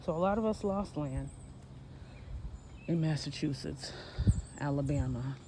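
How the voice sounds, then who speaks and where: Forties vlogger, loose walk-and-talk, rambles and self-corrects, noisy outdoor phone audio, mid-pitched. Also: measured pace. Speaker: history vlogger. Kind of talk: casual walking vlog. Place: outdoors, walking on a hot day.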